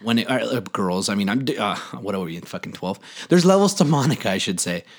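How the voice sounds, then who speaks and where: A man's voice: fairly low pitch, very animated, fast talker. Guy chatting casually, blunt, swears a lot, laid-back. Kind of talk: casual chat.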